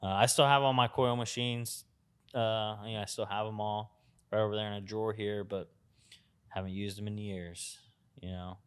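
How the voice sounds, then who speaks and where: A man, a tattoo artist, chatting casually on a podcast, relaxed and reflective with lots of "you know". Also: lowish voice, moderate pace, clean tone.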